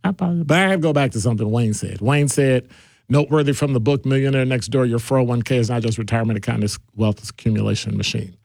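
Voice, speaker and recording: A middle-aged man hosting a casual call-in radio show, talking in a digressive, animated way. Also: quick pace, creaky, dry recording, clean studio sound. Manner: animated, digressive, jumps between deep and high voices. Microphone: studio microphone.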